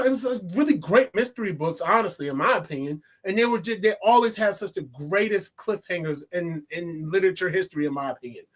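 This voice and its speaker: A man's voice: sits high, a bit bright. A young adult man reviewing a movie in a casual, rambling monologue, full of joking asides and restarts.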